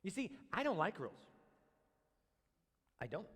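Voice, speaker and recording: Male pastor preaching, high voice, blunt and sarcastic, reverberant sanctuary sound. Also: sing-song, a little slow, fairly bright tone, breathy edge. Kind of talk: sermon.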